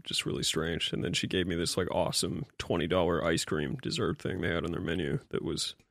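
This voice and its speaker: A man's voice: sits low, level tone, a little fast, creaky, a bit bright, no room sound, clean studio sound. A man co-hosting a podcast, speaking in a laid-back, wry, casual way. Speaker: podcast co-host. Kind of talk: casual chat.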